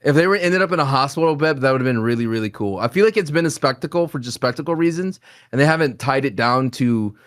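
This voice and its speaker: A young man hosting a casual podcast, joking and animated, who acts out quotes in silly voices. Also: mid-range voice, fast talker. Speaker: podcast host.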